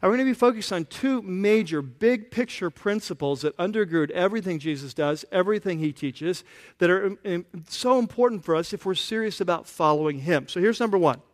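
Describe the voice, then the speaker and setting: A pastor giving a conversational sermon, often asking the congregation questions. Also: male voice, sits high, animated, a little fast. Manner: casual, asks the congregation questions.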